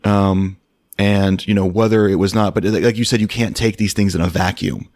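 A man hosting a podcast in casual chat, measured, circling his point with many fillers and restarts. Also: low voice, fairly even intonation, a little mellow. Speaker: podcast host.

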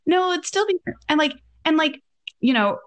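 A woman's voice: sits high, normal speed. A woman in her thirties hosting a podcast, casually telling a story and acting out the quoted dialogue. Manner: animated, acts out quoted dialogue. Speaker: podcast host.

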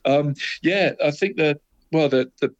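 A man's voice: fairly high pitch, measured pace, no echo, muffled recording. Male co-host, rambling chatty delivery, dry close recording. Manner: chatty, says "mate" constantly, rambling restarts. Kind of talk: casual football chat.

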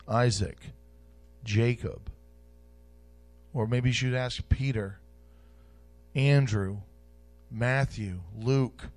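Slow, emphatic preacher man. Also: medium pitch. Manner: emphatic, repeats key phrases, swings between loud and soft. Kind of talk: sermon. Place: church.

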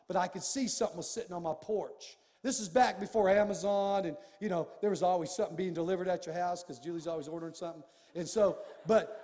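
A man preaching a sermon as a pastor, telling a personal story with animated swings from hushed tones to shouting. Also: sits high, long reverb tail.

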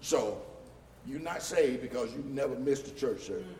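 A male pastor preaching a sermon, building from quiet explaining to loud shouted points and mocking the voices of critics. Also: mid-range voice, expressive, normal speed, a little hiss or hum. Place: church sanctuary. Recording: echoey hall from far off.

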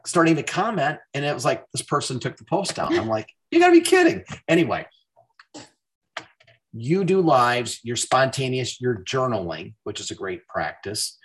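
Guy hosting a chatty interview, tells stories and does the voices of people he quotes, normal middle pitch. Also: normal speed, hardly any pauses, a little hiss or hum. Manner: animated storyteller, acts out quoted dialogue. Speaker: podcast host. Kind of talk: casual interview chat.

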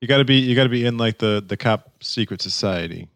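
A man co-hosting a casual comedy podcast, throwing in quick, crude jokes. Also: mid-range voice, fairly bright tone, no room sound. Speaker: podcast co-host.

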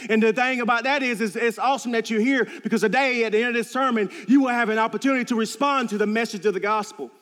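High-voiced preacher in a reverberant church. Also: male voice, fast, few pauses, a bit bright. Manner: earnest, storytelling, repeats phrases for emphasis. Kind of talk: sermon. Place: church sanctuary.

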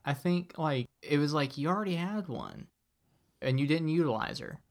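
A man with a Southern US accent co-hosting a podcast, trading quick jokey banter. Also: on the high side, animated. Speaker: podcast co-host. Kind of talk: casual chat.

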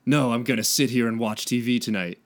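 A man voicing a grumpy, cynical young male mutant turtle in a comic fan-fiction reading, grumbling his lines flatly. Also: medium pitch, brisk, lightly acted. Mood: dismissive. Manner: flat, grumbling.

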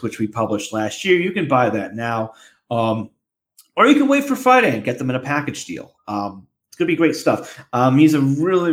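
A man hosting a podcast, making rambling announcements and chatting casually. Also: mid-range voice. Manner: rambling announcements with many fillers and restarts. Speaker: podcast host.

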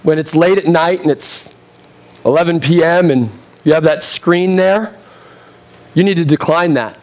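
A man in his thirties preaching a sermon in a direct, conversational way, asking the crowd questions, his voice getting a bit hoarse. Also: on the high side, unhurried. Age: 30s. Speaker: pastor.

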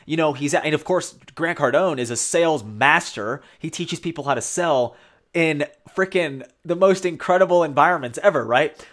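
A man casually retelling a show in commentary, talking in a loose, energetic way and often tagging on "you know" and "right?". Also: fairly high pitch.

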